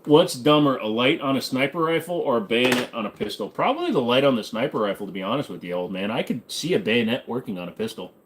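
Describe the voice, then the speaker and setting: A man's voice: mid-range voice, very animated, quick pace, few pauses, a little hiss or hum. A man hosting a casual livestream Q&A, joking and irreverent, answering chat questions while fiddling with gear. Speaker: host. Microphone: desk microphone.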